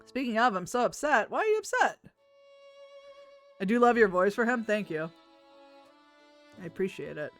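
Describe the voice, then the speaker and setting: A woman's voice: mid-range voice, sing-song, moderate pace, long pauses, soft background music. A woman streaming a game, chatting casually and reading the characters' lines aloud in put-on voices. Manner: chatty, laughs often, puts on voices for characters.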